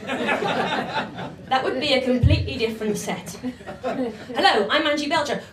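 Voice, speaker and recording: A woman with a fairly high voice delivers bawdy stand-up comedy and punchy performance poetry. Her voice rings in an echoey club room, caught from a distance, with faint ambient noise. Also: a little slow, over a noisy crowd. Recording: echoey live room from far off.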